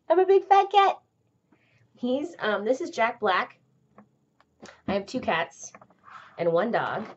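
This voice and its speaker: A woman's voice: medium pitch, dull audio, a little hiss or hum. A woman hosting a crafting vlog from home, chatting casually and rambling with lots of ums and asides. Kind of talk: casual chat to camera.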